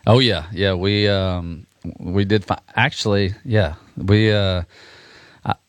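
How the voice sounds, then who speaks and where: A man talking casually as a guest musician on a radio show, relaxed and rambling with restarts. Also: on the low side, slow pace, dry recording.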